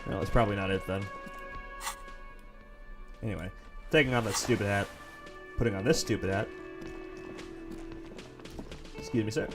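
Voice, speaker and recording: Low-voiced man streaming a game. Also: over music. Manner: casual and profane, slows down to read narration dramatically. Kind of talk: let's play commentary, reading game text aloud.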